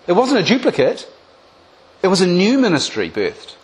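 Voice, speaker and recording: A man preaching a sermon, retelling a Bible story with lively acted-out voices and direct appeals to the congregation. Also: sits high, moderate pace. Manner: animated storytelling, acting out biblical voices.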